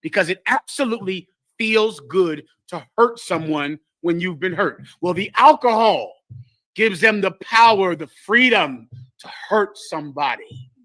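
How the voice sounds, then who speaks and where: Animated high-voiced man preaching. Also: unhurried, no echo. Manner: animated call-and-response, addresses listeners directly. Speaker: teacher leading a scripture class. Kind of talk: preaching to a live congregation.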